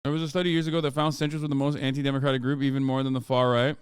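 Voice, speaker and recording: A man's voice: mid-range voice, rapid-fire, smooth, dry recording, studio quality. Sarcastic, profane male streamer. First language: Turkish. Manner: sarcastic, profane, animated riffing. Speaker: streamer and political commentator. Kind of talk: casual livestream reaction commentary.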